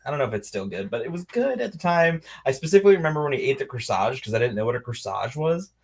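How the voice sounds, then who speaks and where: A young man co-hosting a loose, casual podcast, chatting with an easy mid-range voice. He laughs a lot and keeps slipping into squeaky impressions of movie lines. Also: very animated, rapid-fire, creaky, a little mellow, breathy edge. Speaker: podcast co-host. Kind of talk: casual chat.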